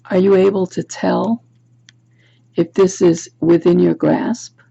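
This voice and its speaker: A tarot reader films herself at home, musing over the cards and asking the viewer reflective questions. She speaks slowly and fairly evenly in a low-ish, warm, husky voice with vocal fry, and the camera's built-in mic leaves the audio dull.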